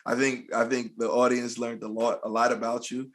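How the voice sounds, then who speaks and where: A man's voice: mid-range voice, level tone, normal speed. A man hosting an interview podcast, laid-back and agreeable, with lots of affirming yeahs. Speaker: podcast host. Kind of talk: casual interview chat.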